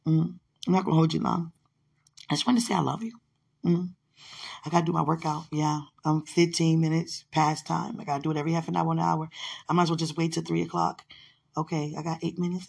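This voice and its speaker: A woman's voice: fairly low pitch, fairly even intonation, brisk, vocal fry, darkish tone, husky. A woman in casual, heartfelt one-sided talk, rambling and affectionate, often laughing, with religious phrasing.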